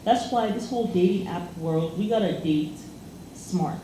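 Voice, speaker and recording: A woman's voice: lowish voice, unhurried, dark tone. Chatty woman in an echoey room. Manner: chatty storytelling with many fillers. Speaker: co-host. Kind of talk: casual chat. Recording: echoey room, faint noise.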